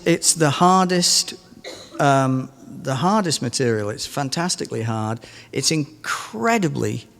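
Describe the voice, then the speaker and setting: A man's voice: medium pitch, creaky, in a large hall. A middle-aged English man, a guitarist, telling a rambling, self-amused story between songs at a concert. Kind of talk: between-song stage anecdote. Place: concert stage in a museum.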